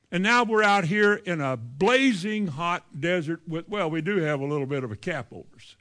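A man preaching a sermon, reading scripture verses and retelling them in lively, folksy everyday speech. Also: fairly high pitch, normal speed, few pauses.

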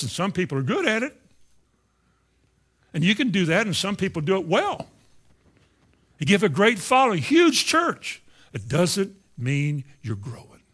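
A man preaching a sermon, moving between quiet asides and loud, emphatic lines. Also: sits high, slightly rough.

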